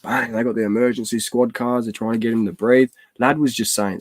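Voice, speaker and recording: Excitable slangy man, dry sound. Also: mid-range voice, brisk, few pauses, no echo. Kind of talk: casual chat.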